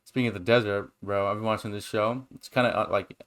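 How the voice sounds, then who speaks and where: A young man co-hosting a casual chat and telling stories in a rambling, excitable, profane way. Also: lowish voice, quick pace. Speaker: podcast co-host.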